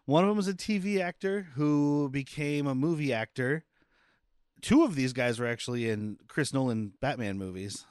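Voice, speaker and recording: A man's voice: medium pitch, moderate pace, a little mellow, clear, resonant tone, dry recording, clean studio sound. A man co-hosting a casual movie-review podcast, joking and swearing as he rambles through his points. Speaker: podcast co-host.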